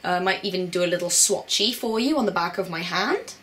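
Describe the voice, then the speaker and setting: Young woman, beauty vlogger, bubbly and chatty, slightly low voice. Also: expressive, a little fast, fairly bright tone. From Britain. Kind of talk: casual chat.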